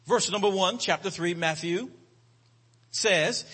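High, lively preacher with hall reverb. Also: male voice, slightly rough. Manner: rhythmic preaching cadence, drawn-out emphatic words, calls to the congregation. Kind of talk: sermon.

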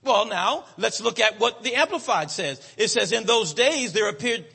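A man preaching a sermon in a church, with a rhythmic cadence, drawn-out emphatic words and frequent calls to the congregation. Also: sits high, animated, creaky, pushed and bright, breathy edge. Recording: long hall reverb.

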